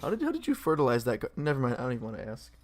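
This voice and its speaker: A man's voice: mid-range voice, wildly swooping pitch, rapid-fire, slight background noise. Man making wry quips at the table. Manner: wry, quipping. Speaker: player. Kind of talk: casual tabletop game chat.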